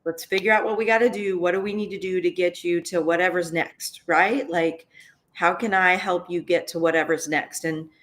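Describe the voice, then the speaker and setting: An earnest woman with a fairly low voice, recalling her years as a student's mentor. She talks emphatically and keeps checking in with "right?" while she chokes back tears. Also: fairly even intonation, normal speed, a bit bright. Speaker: former school advocate and mentor. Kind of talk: heartfelt conversational reminiscence.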